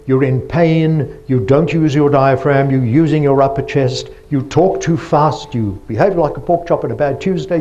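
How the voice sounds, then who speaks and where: Man presenting a lecture, slightly high voice, rhetorical questions, muffled lo-fi recording. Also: a little mellow. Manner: explanatory, asks rhetorical questions.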